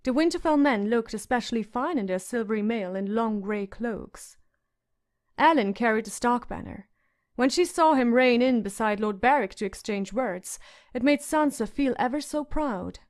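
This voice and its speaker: A woman narrating a fantasy audiobook in a measured storytelling manner. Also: a little high, expressive.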